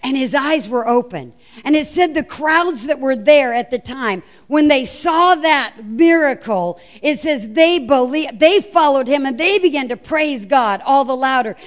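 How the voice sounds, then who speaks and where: A middle-aged woman preaching a sermon, telling the story with lively, acted-out voices. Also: high-pitched, measured pace, hardly any pauses.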